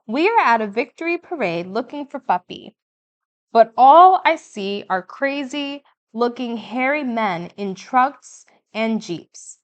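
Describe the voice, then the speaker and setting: A woman narrating an audiobook in the first person, with measured, vivid storytelling. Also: a little high, expressive.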